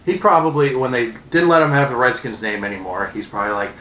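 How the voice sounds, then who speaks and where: A man in his thirties ranting angrily as a sports fan, profane and sarcastic, with loud outbursts. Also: medium pitch, expressive, quick pace, echoey room, slight background noise, rough recording. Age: 30s. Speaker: vlogger. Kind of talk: angry sports fan rant.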